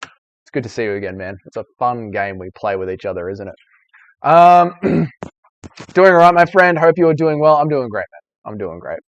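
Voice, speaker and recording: A man's voice: medium pitch, sing-song, moderate pace, no echo, lo-fi sound. A young Australian man hosting a casual live stream, reading viewer comments and bantering with joking, profane humor.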